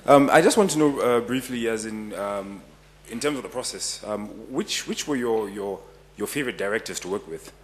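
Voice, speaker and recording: A man's voice: lowish voice, animated, moderate pace, hardly any pauses, a little hiss or hum. A man in the audience asking a question hesitantly, with many fillers.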